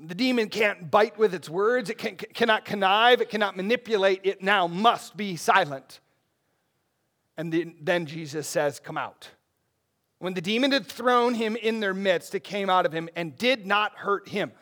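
Speaking at a normal pace in a high-pitched voice, this male pastor delivers an expository sermon in an animated, conversational style, often turning aside to address the congregation.

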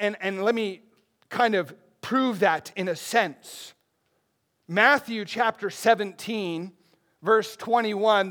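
Speaking in a high-pitched male voice, a pastor gives an expository sermon with animated, conversational energy and plenty of asides to his congregation.

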